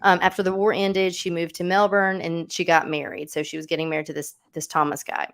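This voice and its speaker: A woman's voice: lowish voice, flat delivery, fairly quick, fairly bright tone. A woman hosting a livestream, telling a true-crime story in a casual, chatty way with lots of asides. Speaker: host.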